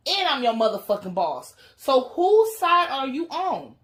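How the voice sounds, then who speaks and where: A woman giving a blunt, profane, animated recap of a TV episode in casual commentary. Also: high voice, a little slow. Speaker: TV reaction reviewer.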